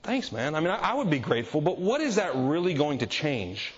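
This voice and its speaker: A man's voice: on the high side, big pitch swings, fairly quick. A man preaching to a crowd, telling a funny story against himself and acting out the quotes. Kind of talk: humorous sermon story. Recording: dull lo-fi audio with crowd laughter.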